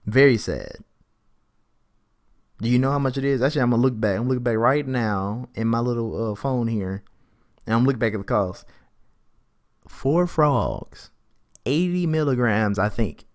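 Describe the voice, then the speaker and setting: A man's voice: mid-range voice, normal speed, pauses often. A young man hosting a podcast, telling a rambling, chatty story and acting out both sides of the conversations in a raised voice. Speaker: podcast host. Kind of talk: casual storytelling.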